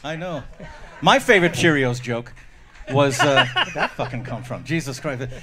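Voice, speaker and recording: A man's voice: mid-range voice, expressive, moderate pace, pushed and bright. A man casually telling dirty jokes and voicing the characters in them. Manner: casual storyteller, voices the punchline characters. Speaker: comedian at a memorial show.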